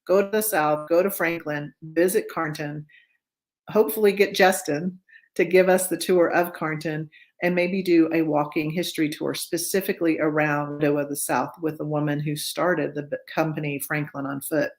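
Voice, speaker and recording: A woman's voice: deep voice, steady tone, normal speed. A woman hosting a virtual book club on a video call, chatty and now and then tongue-tied. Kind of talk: casual video-call chat.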